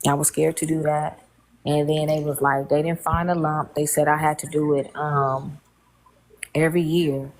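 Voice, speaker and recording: A woman's voice: low-pitched, flat delivery, moderate pace, poor audio. A woman in her late thirties telling a personal story in casual chat, candid and colloquial, with strong feeling. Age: 30s.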